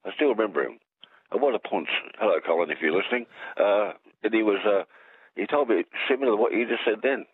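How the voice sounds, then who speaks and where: A man's voice: on the low side, quick pace, slightly rough, no echo. An Australian man calling in to a radio show, rambling and joking. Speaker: caller. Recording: tinny phone line.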